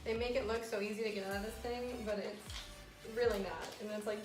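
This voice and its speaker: Young woman, mid pitch, frank casual vlogger voice, roomy echo. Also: steady tone, fairly quick. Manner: frank and chatty, many fillers. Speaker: vlogger sharing her fertility treatment. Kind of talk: casual explainer vlog. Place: room at home. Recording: echoey room, faint music.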